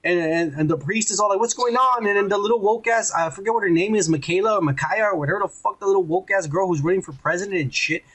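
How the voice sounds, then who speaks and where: A podcast co-host retells a show in a rambling, profane way. His voice sits high for a man and has a husky grain. He slips into mocking voices for the characters he quotes. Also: fast talker, hardly any pauses, a bit bright. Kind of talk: casual profane recap.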